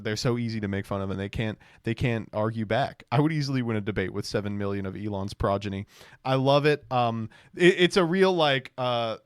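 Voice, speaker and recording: A man's voice: medium pitch, clear, resonant tone, no room sound, studio quality. Sarcastic man riffing on posts. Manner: sarcastic, mocking, rambling. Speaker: streamer. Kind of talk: casual reaction commentary.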